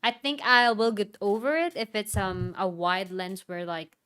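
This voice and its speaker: A woman's voice: medium pitch, steady tone, normal speed, bright, forceful tone, clear, resonant tone. A woman from the Philippines co-hosting a casual livestream, laughing often and talking straight to viewers. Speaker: livestream co-host. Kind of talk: casual live-stream chat. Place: home in the Philippines.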